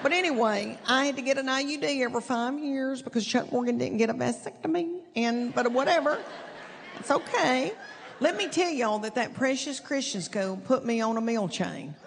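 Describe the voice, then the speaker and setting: A middle-aged stand-up comic shares folksy stories at her own expense, drawing out each punchline. She speaks at normal speed in a high-pitched, gravelly voice with lively intonation. Long theater reverb, crowd laughter, and noise fill the live recording.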